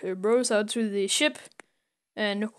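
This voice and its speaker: Slow-talking woman retelling a comic. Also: mid-range voice, fairly even intonation, clear, resonant tone. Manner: retells scenes, putting on voices with many fillers. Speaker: podcast co-host. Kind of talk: casual comic recap with acted-out lines.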